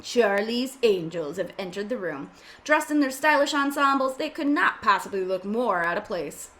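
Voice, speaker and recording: A woman's voice: mid-range voice, animated, moderate pace, a bit bright. A woman reading the stage directions aloud in an amateur script reading, adding joking asides as she goes.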